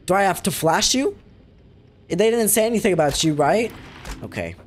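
A man reacting out loud as he plays a horror game, jumpy and foul-mouthed, talking back to the game. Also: sits high, lively intonation, moderate pace, a little hiss or hum. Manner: jumpy, swears a lot, talks back to the game. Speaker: gaming video creator. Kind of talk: live reactions while playing a horror game.

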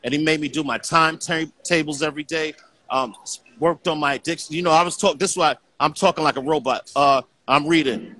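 A man's voice: fairly high pitch, a little fast, bright, forceful tone. A middle-aged man talking earnestly as a guest in a casual conversation, often saying "you know what I'm saying".

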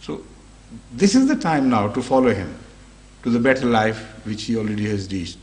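A man giving unscripted religious commentary on a scripture verse, speaking in a measured way with frequent pauses, fillers and self-corrections. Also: medium pitch, very animated, a little mellow. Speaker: religious scholar explaining a Quran verse.

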